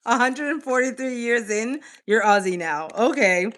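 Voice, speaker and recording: A woman's voice: on the high side, animated, moderate pace, a bit bright. A woman streamer in casual livestream chat with viewers, playful and teasing, with casual swearing, snacking while she talks.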